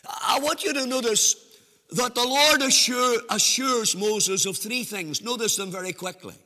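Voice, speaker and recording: High, bright-voiced man preaching slowly. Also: in a large hall. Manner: measured, emphatic preaching with sing-song rises and drawn-out phrases. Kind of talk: sermon.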